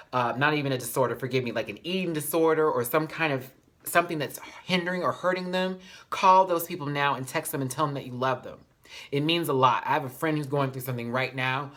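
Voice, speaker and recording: A man's voice: mid-range voice, a bit bright. A man reviewing a reality show in a casual vlog. He talks in a sassy, emphatic way, often says y'all, and speaks openly about his feelings.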